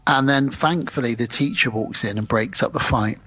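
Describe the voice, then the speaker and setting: A husky-voiced man talks through a film's plot for his co-host, casually and with plenty of swearing. He slips into the characters' lines as he goes. The audio is dull and lo-fi, like a home podcast setup. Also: mid-range voice, moderate pace, fairly bright tone. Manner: retelling a film plot with acted quotes, sweary. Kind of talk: casual film recap chat.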